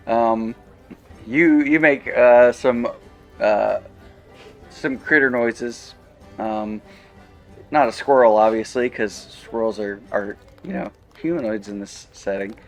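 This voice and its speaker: Slow, halting male game master. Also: medium pitch, soft background music. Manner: halting, with many fillers and light laughs. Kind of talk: narrating a tabletop game.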